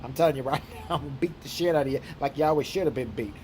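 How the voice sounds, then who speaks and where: A man's voice: mid-range voice, very fast, noisy background, natural voice. A man putting on his crude, foul-mouthed redneck trucker brother in a comic impression, blustering and scolding with nonstop profanity. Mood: threatening.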